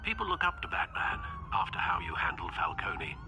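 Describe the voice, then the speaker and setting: Older butler, formal and measured, very expressive pitch, game sirens behind. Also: male voice, background noise, heavily acted. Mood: concerned. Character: older male butler, loyal, formal and polite. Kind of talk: video game dialogue.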